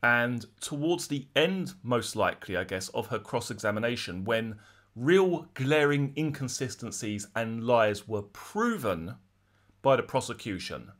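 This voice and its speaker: A man's voice: medium pitch, unhurried. A man, recounting a courtroom trial he attended in a chatty, conversational way. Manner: conversational, lively re-enactment of courtroom exchanges. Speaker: true crime vlogger. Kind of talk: casual spoken recounting.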